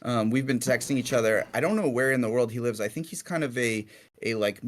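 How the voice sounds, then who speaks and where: A man answering fans' questions in an easy, meandering chat. He talks in loose, relaxed sentences full of fillers and restarts, at an ordinary mid pitch. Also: fairly quick. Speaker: musician answering fan questions. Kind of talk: casual chat.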